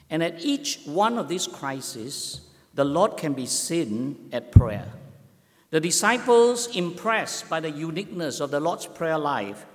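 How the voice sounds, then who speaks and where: A man delivers a sermon at a very slow, deliberate pace, leaning on words for emphasis. His voice sits a little above average for a man, and it rings with the long reverb of a large church hall. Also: a little high. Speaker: pastor.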